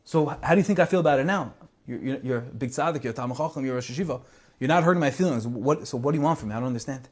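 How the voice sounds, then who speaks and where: A man's voice: medium pitch, racing, a little mellow, lightly acted. A man voicing a distraught young yeshiva student who pleads in confusion. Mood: pleading.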